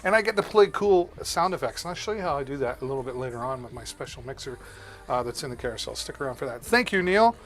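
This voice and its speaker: A man's voice: mid-range voice, quick pace. A man hosting a live shopping stream, chatting casually and greeting viewers by name as he demos products. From Canada.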